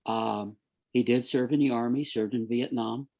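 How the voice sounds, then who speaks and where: Man, podcast guest, gravelly edge, husky and a bit rough, earnest storyteller, repeats himself. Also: medium pitch, fairly even intonation, moderate pace, warm tone. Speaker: guest, forensic detective. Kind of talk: casual conversational storytelling.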